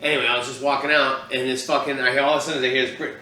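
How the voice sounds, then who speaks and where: A man co-hosting a podcast, telling crude stories in animated casual banter. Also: medium pitch, rapid-fire, echoey room, far from the mic, slight background noise, rough recording. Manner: crude, animated storytelling, swears a lot. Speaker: podcast co-host.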